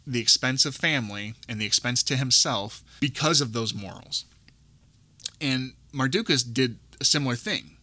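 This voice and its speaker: A male podcast co-host talks casually about a film, rambling, restarting often, and quoting lines from it. His mid-range voice has a bright, forceful tone at a normal speed. The recording is dry.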